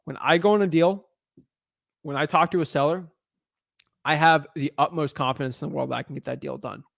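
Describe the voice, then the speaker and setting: A man's voice: a little high, steady tone, a little fast, creaky, no echo, clean studio sound. Confident young man coaching live. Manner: confident, emphatic, pushy delivery. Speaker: real estate wholesaling coach. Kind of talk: live video teaching.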